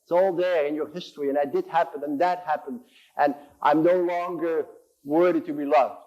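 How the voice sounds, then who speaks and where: Impassioned high-voiced man preaching. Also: fairly even intonation, normal speed, darkish tone, highs cut off. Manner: impassioned, repeating phrases, voicing inner dialogues in quotes. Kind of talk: sermon. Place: church.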